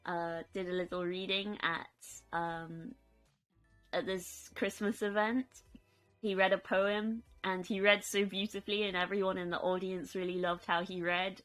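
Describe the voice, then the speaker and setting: A woman's voice: fairly low pitch, a bit bright. Giggly young woman streamer. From United Kingdom. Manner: chatty, giggly, reads chat aloud. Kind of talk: casual live-stream chat.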